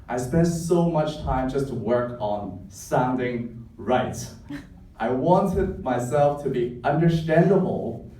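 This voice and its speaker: A man from Hong Kong whose first language is Cantonese tells a wry, self-mocking story live on a club stage before an audience. His mid-range voice is mellow and carries a Hong Kong accent. The sound is echoey and distant, with slight background noise.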